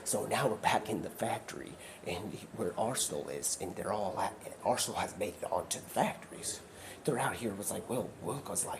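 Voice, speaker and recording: Livestreaming from his car as he drives, a man tells a rambling, improvised story, jumping between put-on voices and whispers. His voice is fairly low, brisk, and lively in intonation, recorded clearly with background noise.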